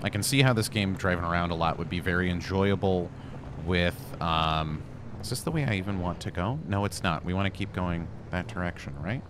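A low-voiced man narrates his gameplay in a chatty, casual way. He talks back to the game and lets out flustered yelps. Game sounds play clearly behind him. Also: a little fast, noisy background. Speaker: gaming YouTuber.

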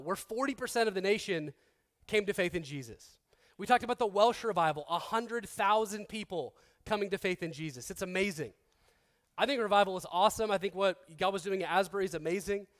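Preaching in a relaxed, humorous style, a pastor in his thirties restarts occasionally and imitates the people he quotes using a lower, softer voice.

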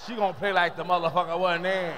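A man's voice: sits high, little pitch movement, quick pace, background noise, pitched below the performer's own voice, lightly acted. A man playing a fed-up man griping about an unpaid debt, packing nearly every phrase with profanity. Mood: aggrieved.

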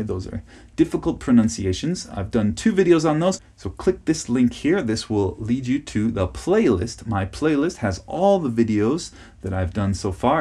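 A man's voice: medium pitch, warm tone, husky. A man teaching English pronunciation on his podcast, patiently repeating key words and checking in with "okay?". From United States.

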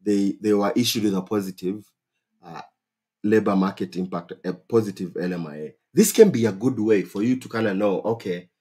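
A man with a Kenyan accent hosting a casual advice livestream, talking in an animated, exclamatory way and repeating phrases for emphasis. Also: on the low side, brisk, breathy edge. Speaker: host.

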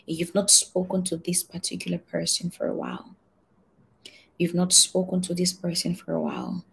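A woman pastor giving an earnest prophetic testimony and prayer, repeating key phrases and moving between soft murmurs and shouted prayer. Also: on the low side, completely flat delivery, normal speed, creaky, slight background noise.

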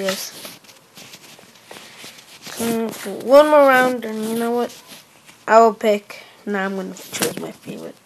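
Rambling and repeating herself, a young gaming-channel host comments casually on her play and sometimes shouts out in excitement. She has a mid-range voice, with slight background noise.

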